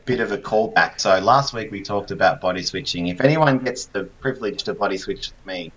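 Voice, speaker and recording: A man's voice: on the low side, brisk, a bit bright, dull audio. A man with a nasal voice, joking and self-mocking as a podcast co-host in casual chat.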